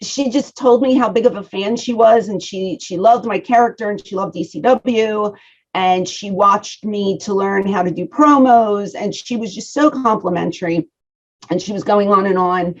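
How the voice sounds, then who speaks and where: A woman's voice: medium pitch, moderate pace. A middle-aged woman with a Philadelphia accent, a guest talking frankly and chatting over a video call. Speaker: guest, former wrestling personality. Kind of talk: casual interview chat. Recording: slightly dull lo-fi audio.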